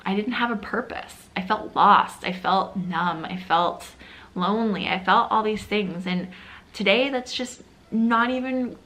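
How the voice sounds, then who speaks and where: A woman's voice: mid-range voice, measured pace, sharp tone. A woman lifestyle vlogger talking straight to her viewers in an earnest, encouraging way. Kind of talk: motivational vlog talk.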